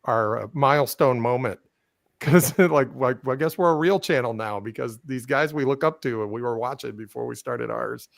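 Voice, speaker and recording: A man's voice: medium pitch, normal speed, gravelly, dry recording. A man appearing as a guest on a live book show, joking about himself with a laugh. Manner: laughing, self-deprecating. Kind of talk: casual chat.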